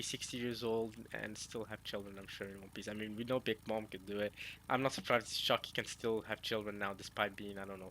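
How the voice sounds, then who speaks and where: Excitable young guy reacting to manga. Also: mid-range voice, slight background noise. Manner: excitable, slangy, many restarts. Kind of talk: casual reaction commentary.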